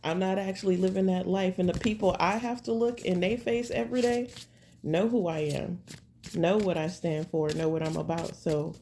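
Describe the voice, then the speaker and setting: A woman's voice: on the low side, fairly even intonation, moderate pace, dark tone, slight background noise. A woman giving a casual tarot reading at home, talking straight to her viewers in a rambling, slangy, laid-back way. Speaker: tarot reader.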